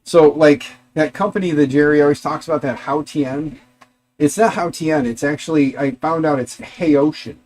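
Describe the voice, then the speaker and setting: A man's voice: a little high, fairly even intonation, moderate pace, darkish tone. A middle-aged man hosting a casual livestream from his garage workshop, rambling chattily and talking to his dogs and viewers. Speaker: livestream host.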